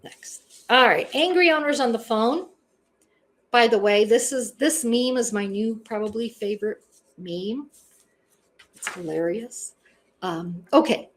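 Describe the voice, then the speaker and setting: A woman's voice: a little high, a little slow, long pauses, slight background noise. A woman teaching an online class in a blunt, conversational way, with many "you know" asides. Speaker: instructor. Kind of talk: casual online class lecture.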